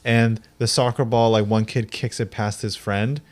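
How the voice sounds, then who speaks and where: A man's voice: fairly low pitch, little pitch movement, moderate pace. Rambling young man, casual podcast chat. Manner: rambling, lots of fillers and restarts, swears freely. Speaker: podcast co-host.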